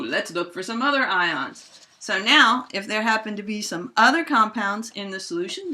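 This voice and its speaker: A middle-aged woman teaching a high school chemistry lesson, playfully acting out reactions with toy bears. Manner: animated, acts out toy bears in squeaky voices. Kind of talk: playful classroom lesson with toys.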